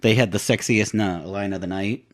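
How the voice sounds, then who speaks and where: A man's voice: lowish voice, fairly even intonation, normal speed. A young man co-hosting a casual podcast, joking around and laughing often. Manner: jokey, laughs often, goofy voices. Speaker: podcast co-host. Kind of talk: casual chat.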